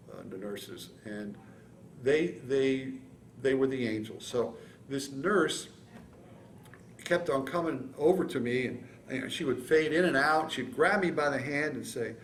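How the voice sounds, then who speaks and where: A man in his seventies from San Francisco, telling his war story in an oral history interview, with halting restarts and acted-out quotes. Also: medium pitch, gravelly, echoey room, slight background noise. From San Francisco, California. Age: 70s. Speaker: veteran interviewee.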